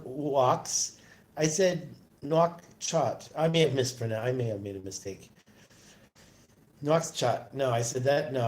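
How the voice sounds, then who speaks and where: A man's voice: medium pitch, darkish tone. A man hosting a casual livestream into his phone, rambling and answering viewer comments aloud. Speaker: livestream host.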